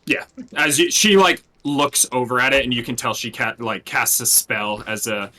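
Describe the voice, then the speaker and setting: A man's voice: mid-range voice, normal speed, pushed and bright. A man running a tabletop game as dungeon master, narrating loosely with many fillers and restarts.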